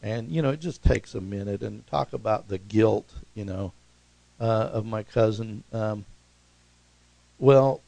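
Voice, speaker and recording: Gravelly-voiced man preaching a sermon. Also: measured pace, no room sound, rough recording. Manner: rises to emphatic peaks, then drops soft and low; preaching with congregational call-outs. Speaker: pastor.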